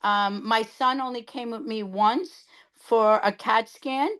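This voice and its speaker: Woman, middle-aged, from New York, casual chat, animated storytelling, fairly high voice. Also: slow. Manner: animated storyteller, acting out quoted dialogue. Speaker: guest sharing her cancer story.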